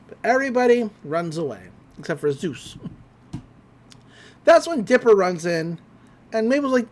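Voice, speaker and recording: A podcast host giving a casual episode recap, telling it with lots of laughter and quick character voices. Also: mid-range voice. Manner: animated storytelling, laughs often, slips into character voices.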